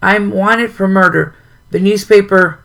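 A man reading out the lines of a frightened, angry young businesswoman from a suspense novel, his pitch lifted a little for her. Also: fairly even intonation, unhurried, vocal fry, a bit bright, full character voice. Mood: tense.

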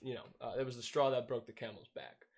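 A man's voice: medium pitch, steady tone, fast, creaky. A young man casually telling a profane, laughing story on a podcast. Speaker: podcast host.

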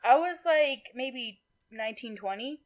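A woman's voice: sits high, measured pace. A woman in her twenties co-hosting a podcast, telling crude stories in casual chat and laughing often. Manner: laughing, crude, animated storyteller. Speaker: podcast co-host.

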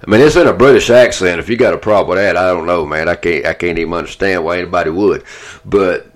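A man with a low, deep voice chats in a relaxed, folksy way as a podcast co-host. He sounds easygoing and warmly enthusiastic about what he likes. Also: quick pace. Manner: laid-back, folksy and enthusiastic. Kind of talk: casual chat.

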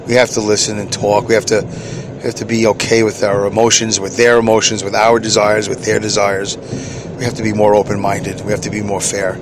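A man's voice: fairly low pitch, flat delivery, brisk, background noise. A middle-aged man hosting a solo podcast from inside his vehicle, rambling, chuckling at himself and answering his own questions. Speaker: podcast host.

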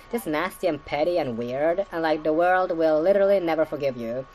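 A woman's voice: low voice, normal speed, few pauses, darkish tone, slight background noise, poor audio. A woman hosting a podcast recap in casual rambling commentary, swearing freely, stacking fillers and laughing at her own asides.

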